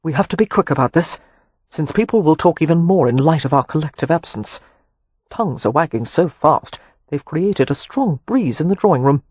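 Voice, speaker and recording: A woman reading a flippant, wry young gentleman teasing his sister in a historical romance audiobook. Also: sits low, expressive, husky, no room sound. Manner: flippant, quick.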